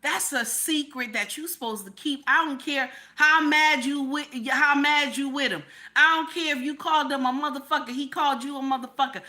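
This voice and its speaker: A woman with a high voice and a bright, sharp edge gives heated commentary on a reaction livestream. She hammers her points by repeating the same questions, and she swears freely as she talks to her chat. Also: moderate pace, hardly any pauses.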